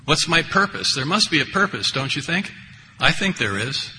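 A man's voice: on the high side, very animated, moderate pace, bright, forceful tone. An older man giving a rambling, wry personal recovery share, full of conversational asides. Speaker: speaker at a recovery meeting. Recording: echoey hall, faint background noise.

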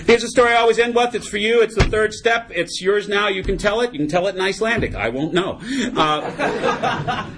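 A man's voice: sits high, moderate pace, heavy background noise. A middle-aged man speaking at a recovery meeting, giving a humorous personal testimony. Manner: humorous, animated storyteller.

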